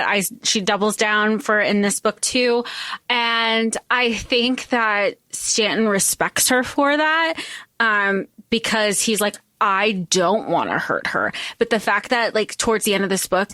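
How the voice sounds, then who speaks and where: Woman co-host, mid-pitched voice, dry close sound, chatty and filler-heavy book talk. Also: measured pace, sharp tone, no room sound. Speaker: podcast co-host. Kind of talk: casual book discussion.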